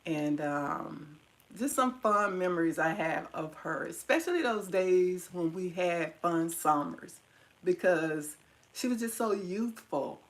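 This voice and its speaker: A middle-aged woman vlogger tenderly reminisces about her mother to her viewers, sometimes tearing up as she tells the story. Her voice is on the low side and expressive, she takes her time, and the recording is rough.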